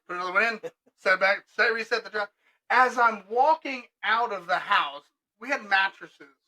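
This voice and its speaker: Middle-aged man, high bright tense voice, animated storyteller for a casual podcast. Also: rough recording. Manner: animated, laughing, acts out both sides of conversations. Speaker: restoration business owner telling stories.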